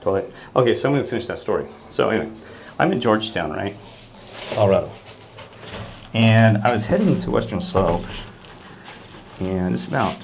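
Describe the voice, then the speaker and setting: A man in a casual vlog, telling a meandering story in an excitable way and often voicing disbelief. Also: fairly low pitch, slight background noise. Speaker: self-described street minister.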